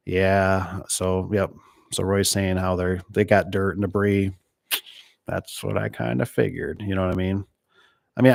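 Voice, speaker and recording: A middle-aged Michigan man, a door and gate installer, hosts a live stream and reads viewer comments in a casual chat. His voice is deep, low, and gravelly, and he rambles from story to story. The sound is dry and close with no room echo.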